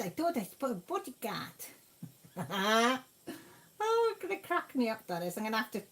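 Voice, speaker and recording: A woman with a slightly high voice chats her way through a livestream. She reads out viewer messages and answers each one in a casual, easygoing way. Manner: chatty, reads out viewer messages and replies warmly. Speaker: livestream host. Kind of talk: casual chat reading viewer comments.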